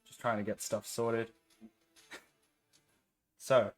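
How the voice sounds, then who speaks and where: Aussie guy gm-ing a tabletop game on stream, slow easygoing narration, laughs a lot. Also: medium pitch, soft background music. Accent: Australian. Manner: relaxed, laughs often, rambling narration. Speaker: game master.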